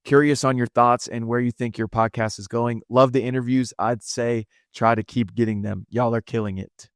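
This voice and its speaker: Brief: male podcast co-host, mid pitch, dry close sound, earnest, encouraging. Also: steady tone, moderate pace, clear, resonant tone, no echo. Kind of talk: casual podcast chat.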